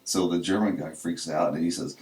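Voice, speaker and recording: A man's voice: low-pitched, steady tone, a little fast, darkish tone. A man co-hosting a casual podcast, telling a story in an easygoing way. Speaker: podcast co-host. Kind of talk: casual chat. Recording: echoey room, distant from the mic.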